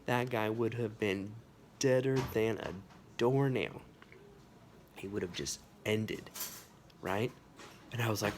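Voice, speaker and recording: A man telling a personal anecdote, animated and full of sound effects and casual asides. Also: mid-range voice, a little slow, pauses often, slight background noise. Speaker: storyteller. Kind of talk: personal anecdote told to camera.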